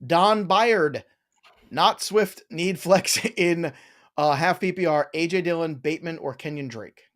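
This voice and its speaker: A man's voice: fairly high pitch, unhurried, a bit bright. A man hosting a live stream Q&A, reading viewer questions with playful, joking banter.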